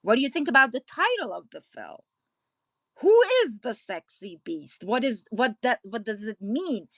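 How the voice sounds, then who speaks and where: A woman's voice: fairly high pitch, big pitch swings, moderate pace, fairly bright tone, no room sound. A woman on a film podcast panel asking questions in a hesitant, searching way. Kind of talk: casual discussion.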